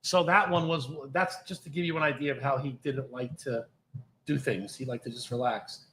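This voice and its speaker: A man's voice: medium pitch, normal speed, echoey room, a little hiss or hum, low-quality recording. A middle-aged man, a former police officer, telling blunt, profane stories in casual podcast talk. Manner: blunt, heavy swearing, animated retelling. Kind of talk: casual storytelling.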